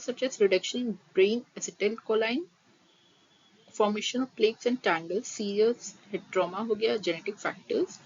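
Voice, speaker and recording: A woman giving a nursing exam-prep lecture. She reads terms steadily from her notes, then quickly re-explains them in a mix of Hindi and English. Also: mid-range voice, a little mellow. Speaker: nursing teacher. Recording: slightly dull audio with faint noise.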